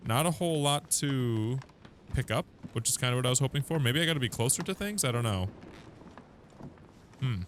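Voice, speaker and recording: A man's voice: mid-range voice, animated, fairly quick, pauses often, fairly bright tone, slight background noise. A chatty young man giving let's play commentary on a video game, laughing often. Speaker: gaming YouTuber.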